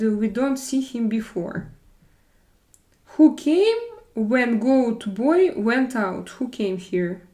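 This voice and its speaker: A woman with a Russian accent chatting casually on a live stream, halting and hesitant, often restarting with fillers. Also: a little high, expressive, mellow. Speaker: livestream host reading chat.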